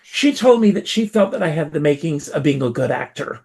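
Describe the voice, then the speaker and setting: A man from South Carolina, a performer, telling his story as a guest in an interview, with lively theatrical emphasis. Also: fairly high pitch, a little fast.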